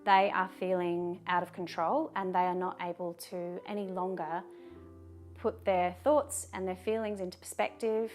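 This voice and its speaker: Calm low-voiced woman giving advice. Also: faint music behind. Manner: calm, measured, firm on repeated commands. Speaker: advice video host. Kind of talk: direct-to-camera advice talk.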